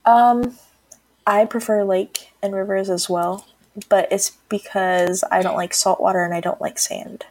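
A woman's voice: medium pitch, flat delivery, measured pace, a little mellow. A woman from Texas co-hosting a podcast in casual chat, laughing often and swearing freely. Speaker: podcast co-host.

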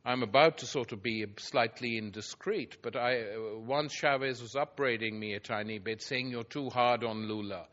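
A man's voice: medium pitch, normal speed, few pauses, a bit bright, dull audio. A man giving a public lecture before an audience, telling anecdotes with wry, dry irony.

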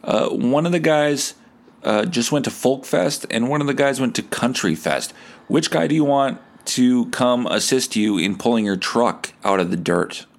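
A man's voice: mid-range voice, animated, normal speed, gravelly, pitched above the performer's own voice. A man putting on the voice of an upbeat roadside-assistance dispatcher offering help. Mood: chipper.

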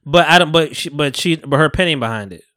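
A man co-hosting a podcast in casual chat, talking fast and animatedly, laughing and swearing as he argues his side. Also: a little high, lively intonation, pushed and bright, no echo, clean studio sound. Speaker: podcast co-host.

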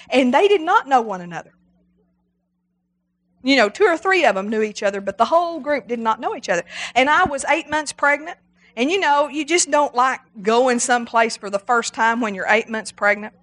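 A middle-aged woman preaching a sermon, animated and emphatic, repeating her exhortations. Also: high voice.

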